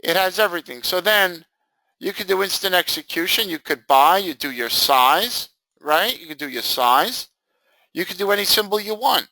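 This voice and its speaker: Animated high-voiced male trading instructor. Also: normal speed, no room sound, rough recording. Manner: animated, jokey, acts out students' reactions. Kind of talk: live screen-share training session.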